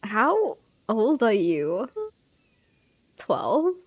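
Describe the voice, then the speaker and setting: A woman's voice: fairly high pitch, sing-song, drawn-out words, a little hiss or hum, heavily acted. A woman voicing a bossy Valley Girl teen. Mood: pushy.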